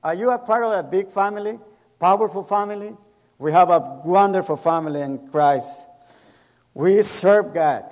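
High-voiced pastor preaching in an echoey hall. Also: male voice, moderate pace, a little mellow. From El Salvador. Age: middle-aged. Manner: storytelling, acts out quoted voices, non-native grammar. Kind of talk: sermon with personal stories.

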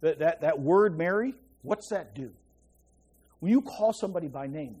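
A male preacher delivers an informal sermon. His pitch rises and falls in lively swings, and he keeps turning to his listeners to check they are following. When he reaches a key point, he sinks to a hushed voice. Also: normal speed, husky. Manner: chatty, checks in with listeners often. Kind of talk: conversational Bible teaching.

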